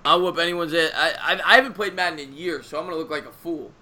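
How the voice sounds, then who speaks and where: A man's voice: a little high, quick pace, bright, forceful tone. A man hosting a live stream, chatting casually in a rambling way with frequent laughs. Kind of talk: casual chat.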